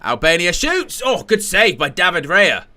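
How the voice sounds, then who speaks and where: A man's voice: sits high, very animated, moderate pace, pushed and bright. A man hosting a live football watchalong, commenting on the play in a casual, rambling way with jokey asides.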